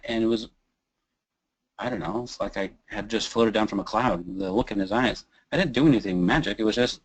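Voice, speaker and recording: On a low-quality recording, this Kansas City-area man speaks briskly and animatedly in a lowish voice. A voice teacher, he keeps the webinar casual, moaning, sighing, making creaky sounds and singing snippets to show exercises.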